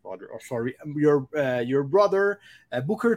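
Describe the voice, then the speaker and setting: A man's voice: medium pitch, expressive. French Canadian man hosting a podcast. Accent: Québécois French. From Quebec, Canada. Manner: eager, halting English with frequent pauses. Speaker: podcast host. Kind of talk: casual podcast interview.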